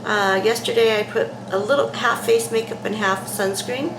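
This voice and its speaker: A woman talking casually to camera in a vlog, halting, with many fillers and restarts. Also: fairly high pitch, steady tone. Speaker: vlogger. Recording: echoey room with faint noise.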